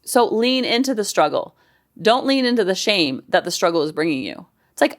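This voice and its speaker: A middle-aged woman who works as a counselor and life coach hosts her podcast in a chatty, upbeat casual conversation. Her voice is sing-song at a normal speed, and she acts out quotes by dropping into a lower voice.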